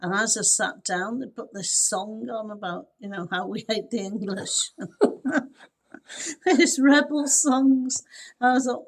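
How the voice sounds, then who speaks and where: A woman co-hosting a podcast, telling lively anecdotes, acting out the dialogue and laughing often. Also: a little high, slow pace. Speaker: podcast co-host. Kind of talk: casual chat.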